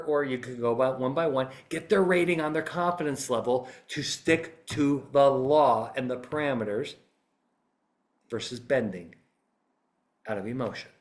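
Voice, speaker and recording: A man with a mid-pitched voice talks through his method like a teacher on a podcast. He is a litigation psychologist, and his delivery is animated and emphatic, pressing his points home as he goes. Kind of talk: instructional podcast talk.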